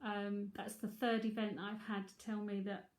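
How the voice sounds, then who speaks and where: A woman's voice: mid-range voice, flat delivery, normal speed, a little mellow, echoey room. A middle-aged woman, a psychic tarot reader, chatting frankly and laughing often as she answers viewers. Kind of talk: casual livestream chat.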